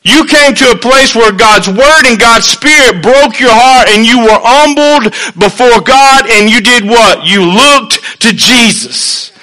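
A man preaching a sermon in an earnest, conversational way, swinging between hushed and emphatic, with folksy asides. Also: very high-pitched, slow pace, hardly any pauses, low-quality recording.

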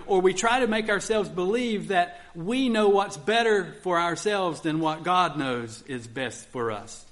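A man's voice: fairly high pitch, fairly bright tone. Man preaching a sermon, acting out pleas. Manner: acts out pleading prayers in the first person. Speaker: pastor.

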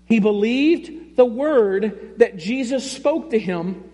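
High-pitched male pastor, slow and emphatic, reverberant sanctuary sound. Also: expressive, mellow. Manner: emphatic, repeats key phrases, conversational asides. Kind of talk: sermon. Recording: long reverb in a large hall.

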